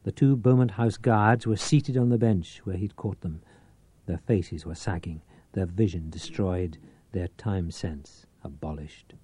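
A man reading a novel aloud as an audiobook narrator, with a measured, theatrical delivery. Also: low voice, warm tone, slightly rough.

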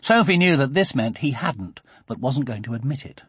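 A man narrating a children's audiobook in a husky, expressive storytelling voice. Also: medium pitch, normal speed, dry recording.

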